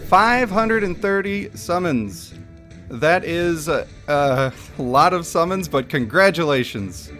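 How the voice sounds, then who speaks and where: A man streaming live, reading out a game story with a playful, self-mocking manner. His voice sits a bit high and moves a lot, with faint game music behind him. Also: animated, slow pace, fairly bright tone.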